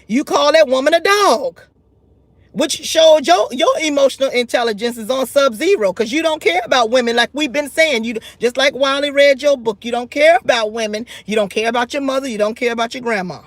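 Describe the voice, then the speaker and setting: A woman's voice: sits high, a little fast, dry recording. A woman delivering a heated, scolding commentary rant, often repeating and restarting her words. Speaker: YouTube commentary host.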